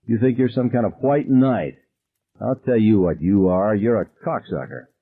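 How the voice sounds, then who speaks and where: Man voicing a teenage boy, vicious, crude, sneering, low and husky. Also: moderate pace, narrow, tinny audio. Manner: sneering and taunting.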